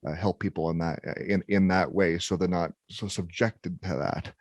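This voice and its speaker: A man's voice: sits low, steady tone, normal speed, no echo. A man in his thirties hosting a tech podcast, talking casually with many restarts and fillers. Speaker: podcast host. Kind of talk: casual conversation.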